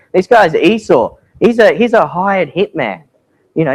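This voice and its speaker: A man's voice: on the high side, darkish tone, low-quality recording. Casual man telling mission stories. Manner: casual storytelling with quoted voices. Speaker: missionary speaker. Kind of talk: church mission talk. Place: church hall.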